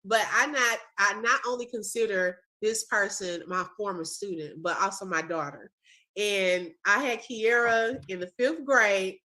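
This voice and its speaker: Woman host on a video call, bright voice, gets emotional praising her old student. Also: mid-range voice, a little slow. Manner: emotional, warm praise, repeats "when I tell you". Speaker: host, former teacher. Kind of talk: casual video-call chat.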